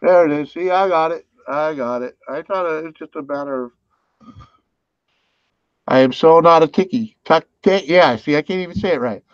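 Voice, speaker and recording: A man's voice: on the high side, brisk, few pauses, dry recording. Easygoing man laughing on a dull dry mic. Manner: laughing, self-deprecating, easygoing. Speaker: livestream host. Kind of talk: casual livestream chat.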